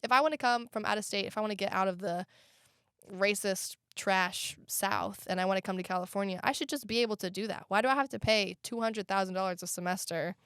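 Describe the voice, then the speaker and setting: A woman's voice: mid-range voice, a little fast, fairly bright tone, clear, resonant tone, no room sound, studio quality. A young woman from the American South co-hosting a casual college podcast, frank and opinionated with sassy asides. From Southern United States. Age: young adult. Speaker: podcast co-host; community college student and student life worker. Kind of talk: casual chat.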